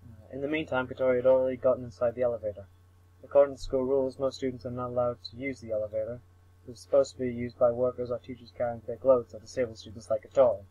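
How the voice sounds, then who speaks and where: A man's voice: mid-range voice, flat delivery, fast talker, mellow, no echo, muffled recording. A young man reading a visual novel aloud for laughs, mumbling, tripping over words and swearing at himself. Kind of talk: comic read-through of a visual novel.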